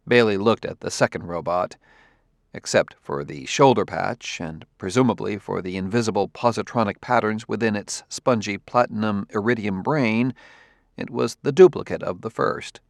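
A man reads a novel aloud in an even, unhurried way. His voice is low and gravelly, recorded dry and close. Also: dry recording. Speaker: audiobook narrator. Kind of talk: audiobook narration.

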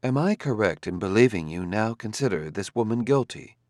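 A male audiobook reader voicing a calm, courteous humanlike male robot who speaks in a measured, grave way. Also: on the low side, dry recording, clean studio sound, natural voice. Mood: composed. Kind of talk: audiobook character voice.

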